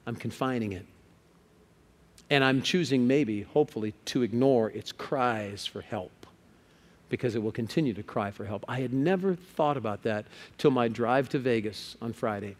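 A man preaching a sermon, lively and conversational, stammering on words and putting questions to the congregation. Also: mid-range voice, normal speed. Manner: lively, repeats words when stuck, asks the crowd questions.

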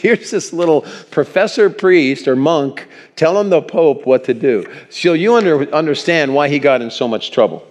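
A male pastor preaching a sermon in a church, animated and chuckling, calling for amens from the congregation. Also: on the high side, normal speed, hardly any pauses. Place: church sanctuary. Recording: long reverb in a church hall.

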